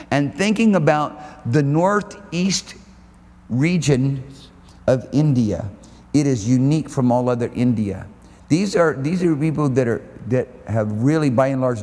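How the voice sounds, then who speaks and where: A man's voice: medium pitch, darkish tone. A man preaching a sermon at a church service, fervent and emphatic, stretching out key phrases. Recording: echoey church hall with faint noise.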